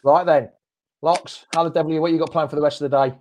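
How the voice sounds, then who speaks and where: A man's voice: fairly high pitch, fairly even intonation, fast talker, a little mellow, a little hiss or hum. A man from Leicester, hosting a football fan live stream in jokey, banter-filled casual chat. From Leicester, England. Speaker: host of a football fan show.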